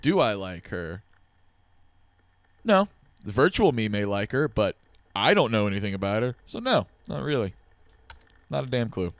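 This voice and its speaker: A man in his twenties giving casual, animated commentary while playing a game, swearing and reacting out loud. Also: lowish voice, normal speed, pauses often, no room sound. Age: 20s. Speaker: let's play host. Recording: audible keyboard typing and clicks.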